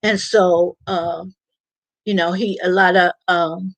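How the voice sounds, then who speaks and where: A woman's voice: fairly low pitch, fairly even intonation, takes it slowly, no echo, rough recording. Chatty woman hosting a live stream. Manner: rambling, chatty, laughs often. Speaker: live stream host reading viewer chat. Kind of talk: casual live-chat talk.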